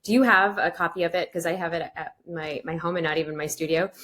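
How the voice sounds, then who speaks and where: A woman's voice: fairly low pitch, steady tone, fast, fairly bright tone. A woman hosting a podcast, talking in a casual, enthusiastic way and praising her guest. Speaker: podcast host. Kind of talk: casual interview chat.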